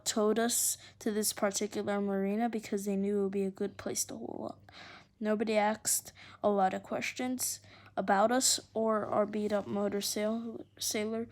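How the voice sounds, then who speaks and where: A woman reads a children's adventure novel aloud with expressive, lively delivery. Her voice sits at a typical pitch for a woman. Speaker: storyteller.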